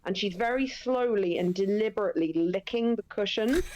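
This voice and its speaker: A woman's voice: medium pitch, brisk, darkish tone, dull audio. A woman co-hosting a let's-play stream, chatting casually and swearing and laughing freely. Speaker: streamer co-host.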